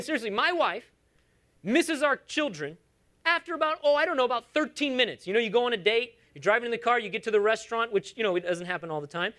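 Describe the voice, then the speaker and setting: A man in his thirties preaching a sermon as a pastor, animated and conversational, with humorous asides. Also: very high voice.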